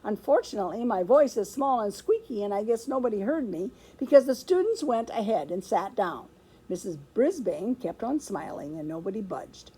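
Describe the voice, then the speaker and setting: A woman reading a children's chapter book aloud with expressive storytelling. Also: medium pitch, normal speed, breathy edge, poor audio. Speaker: storybook reader.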